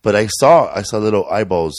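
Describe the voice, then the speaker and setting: A man's voice: fairly low pitch, expressive, brisk, a crowd in the background. A man talking in a rambling, emotional way in casual conversation, with joking asides. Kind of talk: casual chat.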